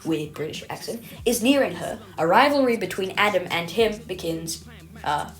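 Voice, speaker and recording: A woman's voice: medium pitch, expressive, normal speed. A woman reading her own video essay in a scripted, self-mocking, rambling way, stumbling over words and correcting herself.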